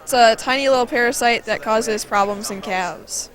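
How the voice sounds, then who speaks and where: A teenage girl, a high school junior, answering plainly and matter-of-factly about her science fair project. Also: normal speed. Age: teens. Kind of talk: casual interview.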